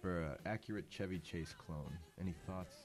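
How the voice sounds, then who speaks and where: A man co-hosting a casual comedy podcast, loud and profane, laughing often. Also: low-pitched, normal speed, faint music behind. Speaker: podcast co-host.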